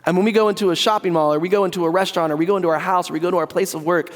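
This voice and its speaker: A man's voice: sits high, steady tone, very fast, few pauses, in a large hall. A man preaching a sermon as pastor, earnest and conversational with asides to the congregation. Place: church sanctuary.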